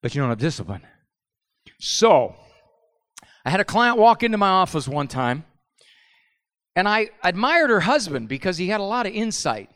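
Middle-aged male speaker, lively storyteller, slightly high voice, long hall echo. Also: normal speed, long pauses. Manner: animated storyteller, acts out family voices. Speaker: speaker at a parenting talk. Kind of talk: humorous live talk.

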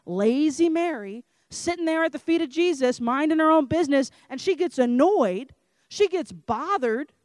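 A woman's voice: high-pitched, dry recording, studio quality. Impassioned woman giving a faith talk. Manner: impassioned, rhythmic, with repeated phrases. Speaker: conference speaker.

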